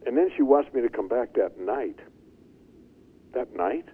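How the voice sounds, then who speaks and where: An older man telling his life story as an interview guest, animated and chuckling as he goes. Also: medium pitch, measured pace, slightly rough. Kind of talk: storytelling testimony. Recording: tinny phone-like line.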